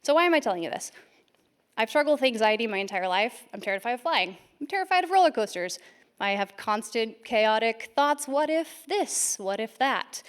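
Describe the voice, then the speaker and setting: A woman giving a lightning talk at a conference, telling a story quickly and a little self-deprecatingly, with a voice that shakes from nerves. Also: a little high, big pitch swings, smooth. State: shaky voice from nerves. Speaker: conference speaker. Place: conference stage.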